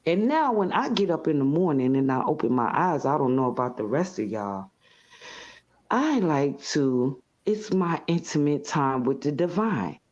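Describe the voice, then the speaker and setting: A woman guest in a casual interview, telling her story in an animated, expressive way and acting out scenes. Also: low-pitched, moderate pace. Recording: slightly muffled audio.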